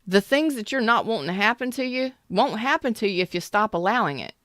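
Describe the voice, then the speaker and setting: A woman talks through a tarot reading to her chat in a blunt, animated way, dropping curses and slang. Her voice is smooth and clear, recorded dry and close with no room sound. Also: a little high, a little fast, dry recording. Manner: blunt, swearing, animated Southern-style slang. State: clearing throat after a cough. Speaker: tarot reader. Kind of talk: casual livestream tarot reading.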